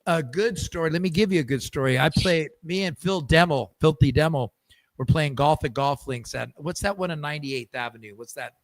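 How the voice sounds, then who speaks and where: A man's voice: fairly high pitch, brisk, no echo. A man hosting a podcast in casual chat, telling stories with many restarts and repeated words. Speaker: podcast host.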